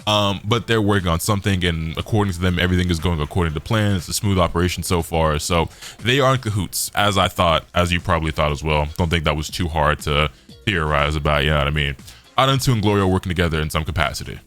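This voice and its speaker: Slangy low-voiced young man reviewing. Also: fast, fairly bright tone, soft background music. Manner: loose, slangy, rambling. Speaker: anime reviewer. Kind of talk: casual recap chat.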